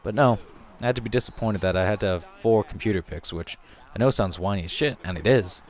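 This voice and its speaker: A man's voice: on the low side, fast. A young man giving casual, rambling commentary over a football video game, joking and swearing freely as he narrates. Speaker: gaming commentator.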